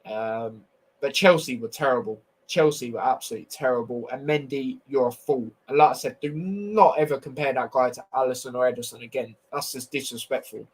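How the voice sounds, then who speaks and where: A man's voice: medium pitch, fairly quick, husky, rough recording. A young man hosting a casual football review stream, blunt and opinionated with slangy banter. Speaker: football podcast host.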